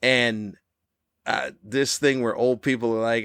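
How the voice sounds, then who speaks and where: A man in his fifties hosting a podcast, delivering a cranky comedic monologue with animated, ranting jabs. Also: unhurried, no room sound, studio quality. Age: 50s. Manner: animated, ranting, with sudden high-pitched jabs. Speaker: podcast host.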